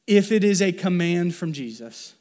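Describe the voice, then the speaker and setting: A man's voice: high-pitched, lively intonation, moderate pace, a little mellow. A male pastor delivering a conversational sermon, asking the congregation questions and pressing his points with emphasis. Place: church sanctuary.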